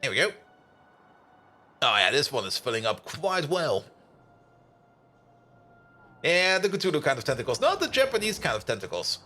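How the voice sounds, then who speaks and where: A man's voice: a little high, sing-song, moderate pace, long pauses, pushed and bright. A young man, a native German speaker with a German accent, chatting casually with his viewers while playing a game on a live stream. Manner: chatty, answers chat, hums and laughs while playing.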